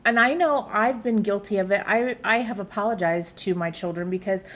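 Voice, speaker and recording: A woman's voice: mid-range voice, normal speed. A woman in her thirties from the United States, chatting casually as she reacts to a video, with frequent fillers. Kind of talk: casual commentary.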